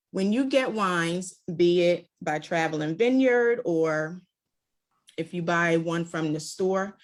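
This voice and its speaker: A woman giving a relaxed, chatty wine presentation over a video call. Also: lowish voice. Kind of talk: virtual tasting presentation. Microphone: video call mic.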